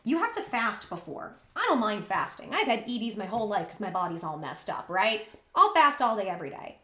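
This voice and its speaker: A woman's voice: medium pitch, very animated, fairly quick, pushed and bright, echoey room. A woman vlogger candidly retelling a personal story in a rambling, emotional way.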